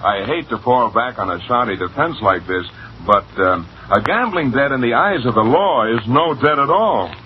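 An actor playing a young American man, polite and puzzled, hesitant with many pauses, in 1940s radio acting style. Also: medium pitch, animated, a little hiss or hum, close to an everyday voice. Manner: hesitant, full of ums and uhs, wry. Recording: muffled old radio recording.

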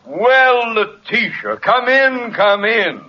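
An actor playing a genial society doctor with a chuckling, slightly hesitant manner. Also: male voice, very high voice, expressive, slow, highs cut off, a little hiss or hum, heavily acted. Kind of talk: old radio comedy acting.

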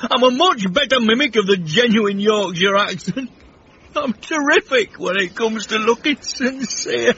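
A man's voice: very high voice, expressive, unhurried, bright, forceful tone, exaggerated voice. An actor playing a genteel, pompous middle-aged man in a radio comedy, speaking in an affected, prissy, theatrical way. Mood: wistful. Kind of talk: 1980s radio comedy acting. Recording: dull, faintly hissy radio recording.

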